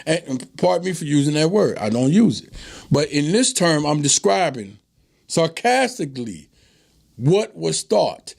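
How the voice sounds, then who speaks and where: A middle-aged man hosting an informal history lesson, preachy and animated, often repeating himself for emphasis. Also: a little high, unhurried, creaky. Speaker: host.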